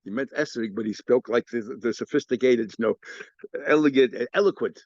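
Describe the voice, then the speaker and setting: A man's voice: a little mellow, dry recording. A rabbi rattles through a Talmud class at great speed, circling back over his own words as he explains. The recording sounds muffled and lo-fi, with a dry, close room. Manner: rapid, stop-start explaining with many repeated words and restarts; acts out the sages' exchanges with a raised, mocking pitch. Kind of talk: informal Talmud lesson. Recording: dull, lo-fi lecture recording.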